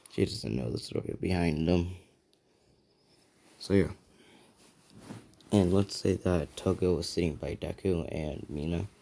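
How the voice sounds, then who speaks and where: A man's voice: extremely low pitch, gravelly, warm tone. A man casually telling a fan-fiction story, rambling and checking in with the listener.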